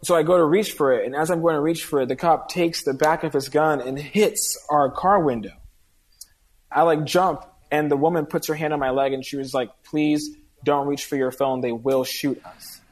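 A guest with a slightly high, brisk male voice tells a long personal story in casual conversation. He earnestly acts out the dialogue of the people in it.

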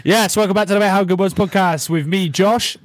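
High-pitched and brisk, a young football podcast co-host laughs, swears and jokes his way through casual banter. The recording is dry.

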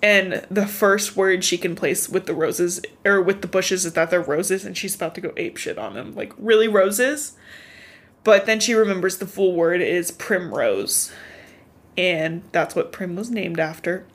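A woman with a lowish voice, talking at normal speed, co-hosts a podcast where she loosely recaps a novel. She swears liberally and keeps dropping "like" as she tells the story.

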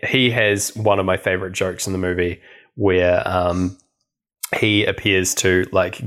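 A man's voice: fairly low pitch, fairly bright tone. A man co-hosting a podcast, casually recapping a film with a chatty, laughing manner. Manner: chatty, laughing, lots of fillers. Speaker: podcast co-host.

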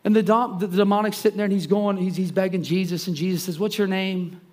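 A man preaching a sermon, retelling a story with lively voices for the people in it and big swings between soft and loud. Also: fast talker. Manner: animated, acts out the characters' lines with swings in pitch and volume. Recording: soft guitar music behind the voice.

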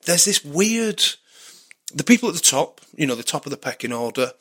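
A man's voice: a little high, big pitch swings, a little fast, a bit bright, breathy edge. Rambling man, casual storytelling. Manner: rambling, many restarts and anecdotes. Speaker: podcast guest, actor and former rugby player. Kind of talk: casual chat.

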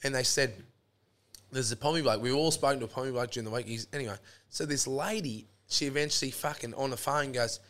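On a podcast, an Australian guest with a medium-pitched, slightly bright voice talks briskly through a rambling, sweary story. The chat is casual, and he says "mate" a lot.

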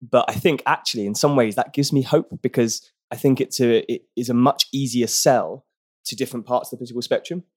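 A man's voice: mid-range voice, fairly quick, a little mellow, breathy edge. A man from Britain being interviewed on a podcast, speaking earnestly and thoughtfully with frequent restarts. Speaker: barrister and activist guest.

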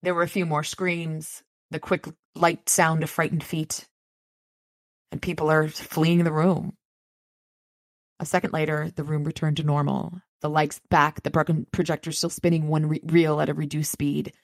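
Low, gravelly woman retelling a story. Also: little pitch movement, normal speed, dry recording, clean studio sound. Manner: loose, conversational retelling with restarts. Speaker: podcast co-host. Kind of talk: retelling a book chapter, then casual discussion.

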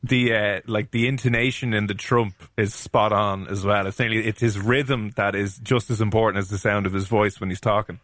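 A man hosting a casual radio interview, friendly and quick to laugh. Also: lowish voice, steady tone, fairly bright tone, no room sound, clean studio sound. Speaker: radio host.

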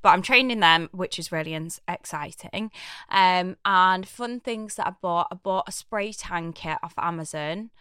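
Bright, clear woman co-host. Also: on the low side, no echo, clean studio sound. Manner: teasing, quick interjections. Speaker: podcast co-host. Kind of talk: casual chat.

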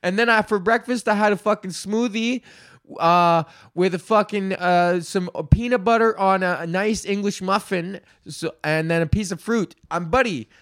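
A man's voice: high-pitched, normal speed, fairly bright tone, no room sound, clean studio sound. Rambling profane man in his thirties. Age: 30s. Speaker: podcast host. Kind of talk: solo podcast rant.

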